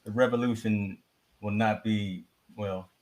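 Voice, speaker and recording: Male podcast host, lowish voice, loose joking banter, casual live show. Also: fairly even intonation, unhurried, a little mellow.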